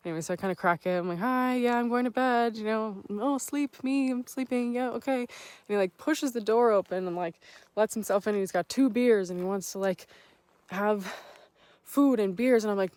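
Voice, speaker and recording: A young woman hiking alone, talking candidly to camera in a hesitant, filler-heavy way. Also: dry recording. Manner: hesitant, lots of fillers and restarts, low-key. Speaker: solo hiker vlogger. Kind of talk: candid vlog talk to camera. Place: indoors, small locked woodshed at night.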